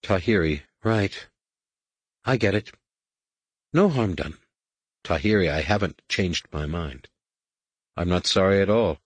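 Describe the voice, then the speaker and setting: A man's voice: sits low, expressive, a little slow, long pauses, slightly rough, no room sound, full character voice. A male narrator voicing an awkward, sincere teenage boy in an audiobook.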